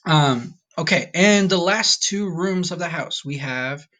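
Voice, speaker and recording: A man teaching a recorded Spanish vocabulary lesson, patient and upbeat, slowing down to repeat each word. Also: on the high side, bright, forceful tone. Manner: patient, slow repetition drills with upbeat asides.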